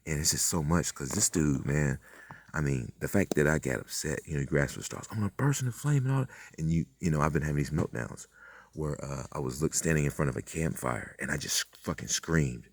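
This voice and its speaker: A man's voice: a bass voice, fairly quick, dry recording. A man hosting his own channel, talking in a meandering, profane monologue full of fillers and acted-out quotes. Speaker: channel host. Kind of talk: rambling spiritual monologue.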